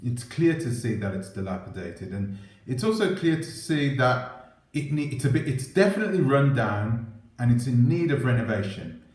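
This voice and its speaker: A man's voice: medium pitch, animated, moderate pace, a little mellow. Man rambling through rhetorical questions. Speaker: commentary channel host. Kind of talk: casual commentary to camera. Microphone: clip-on microphone.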